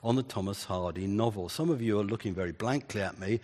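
Husky male preacher in a reverberant church. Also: on the low side, fast talker, darkish tone. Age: older. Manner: earnest, builds emphasis with repeated phrases. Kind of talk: sermon.

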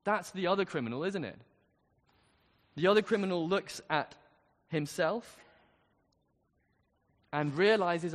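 A man's voice: high voice, measured pace, long pauses. A man preaching a sermon, speaking earnestly and building to emphatic questions. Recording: long reverb of a large hall.

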